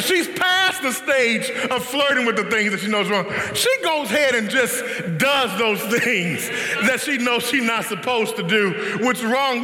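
A man preaches in a very high, animated voice, emphatic and often rising to shouts. He speaks slowly, with a bright, forceful tone. His voice rings through a roomy church hall with a long echo. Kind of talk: sermon.

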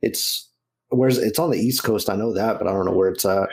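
An easygoing male co-host chats casually and pauses to find his words. His voice sits fairly low. He goes along with the others and rarely pushes a point. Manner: relaxed, hesitant, agreeable. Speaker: podcast co-host. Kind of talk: casual chat.

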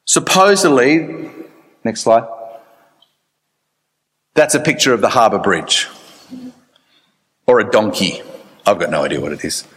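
A man preaching a sermon in church, chatty and animated with dry asides. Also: lowish voice, unhurried, pauses often, long reverb tail. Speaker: pastor.

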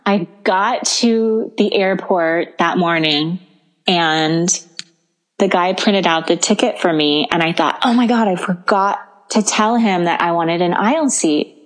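A podcast co-host with a fairly low voice speaks at a measured pace as she tells a story in casual conversation. An animated storyteller, she acts out the people in it and their quoted dialogue, laughing often.

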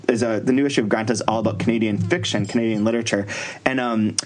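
A man's voice: medium pitch, fairly even intonation, fast talker. A man hosting a podcast, chatting casually in a rambling, self-deprecating way with easy swearing. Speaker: podcast host. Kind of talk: casual chat.

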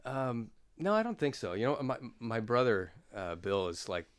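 Lively, jokey middle-aged man. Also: mid-range voice, clear, resonant tone. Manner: playful, jokey, puts on quick voices. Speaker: podcast guest, voice-over artist and former DJ. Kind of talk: casual chat.

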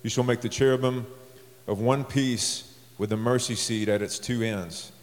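A man's voice: medium pitch, fairly even intonation, normal speed. Man preaching in a reverberant hall. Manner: conversational storytelling with rising emphasis. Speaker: pastor. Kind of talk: sermon. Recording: long reverb of a large hall.

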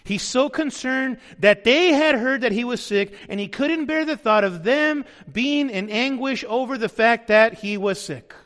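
A man's voice: very high-pitched, a little slow, few pauses, fairly bright tone. A male pastor preaching a sermon, emphatic and often asking his audience questions. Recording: long hall reverb.

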